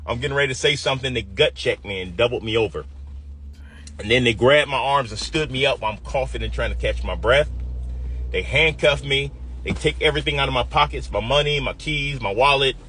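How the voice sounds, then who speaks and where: A man's voice: medium pitch, brisk, bright, forceful tone, a little hiss or hum. A man in his fifties from the US Midwest, telling a personal story vividly and acting out the quoted voices.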